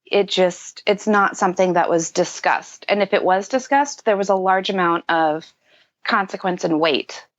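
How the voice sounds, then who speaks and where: A woman's voice: on the low side, fairly even intonation, moderate pace. Candid woman on a muffled recording. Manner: candid, reflective, many fillers. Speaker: podcast guest. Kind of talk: casual conversation. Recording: dull lo-fi audio.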